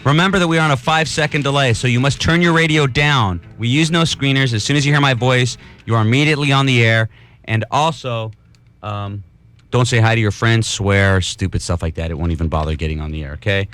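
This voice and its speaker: Brief: male radio host, rapid-fire and teasing, fielding calls on a late-night show. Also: medium pitch, a bit bright, soft background music. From New York. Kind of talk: fast late-night radio call-in hosting.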